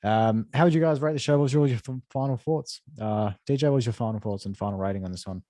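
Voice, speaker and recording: A man's voice: medium pitch, fast, mellow, dry recording. A man hosting a casual review chat, upbeat and swearing casually.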